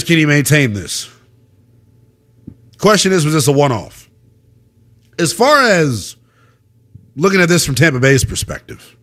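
A young man hosting a call-in sports radio show, ranting in a slangy, animated way. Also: on the high side, husky. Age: young adult.

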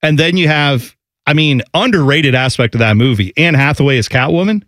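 A man chatting casually on a podcast, telling rambling, animated stories. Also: on the high side, a little fast, no echo, clean studio sound. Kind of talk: casual chat.

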